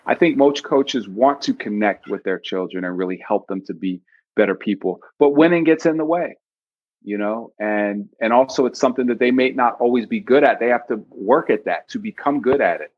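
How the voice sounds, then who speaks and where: A man's voice: medium pitch, normal speed. A man talking as an author in a casual podcast discussion, earnest and reflective. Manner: earnest, reflective, quotes from the book. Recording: dull lo-fi podcast audio.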